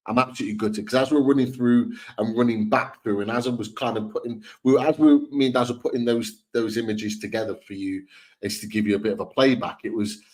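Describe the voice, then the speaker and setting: A man's voice: mid-range voice, fairly even intonation, quick pace, a little mellow, poor audio. A man co-hosting a live football fan stream, talking earnestly and often repeating and restarting his words. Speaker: football podcast co-host.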